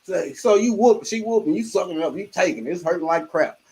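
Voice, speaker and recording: An older man hosting a livestream, telling animated childhood stories with laughter and acting out his mother's scolding. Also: sits high, quick pace, husky, poor audio. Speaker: livestream host. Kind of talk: casual storytelling chat.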